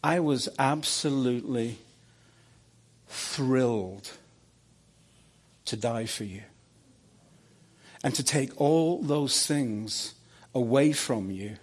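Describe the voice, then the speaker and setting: A preacher putting on the voice of Jesus in a dream, a man's voice that presses the same demand again and again. It comes fairly high and slow. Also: creaky, husky, full character voice. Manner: insistent, repeating demands; soft and tender when gentle. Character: Jesus confronting a man in a dream, stern then tender.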